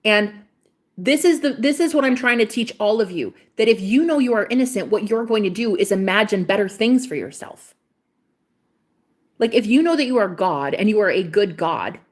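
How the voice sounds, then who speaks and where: A young adult woman hosting a livestream, talking casually and bluntly, swearing freely and getting emotional. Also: on the high side. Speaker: livestream host.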